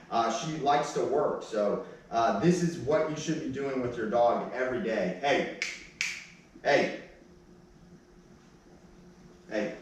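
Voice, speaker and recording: A man's voice: medium pitch, distant mic. Man dog trainer in an echoey room. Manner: plain-spoken, gives sharp short commands to a dog. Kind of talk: casual training demonstration.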